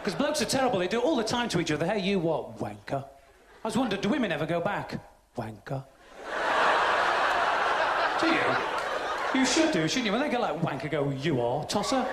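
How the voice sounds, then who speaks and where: A man's voice: high voice, very animated, quick pace, heavy background noise. A British man doing a crude, cheeky stand-up set in a theatre, acting out voices. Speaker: stand-up comedian. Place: large theatre stage. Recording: roomy live theatre recording. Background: audience laughing.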